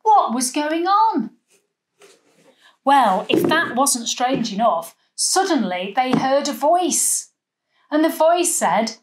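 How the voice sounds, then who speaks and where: A woman leading a children's church session, telling a Bible story with lively voices and asking the children at home to join in. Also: high-pitched, slow pace. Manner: animated, acting out the story with voices and gestures.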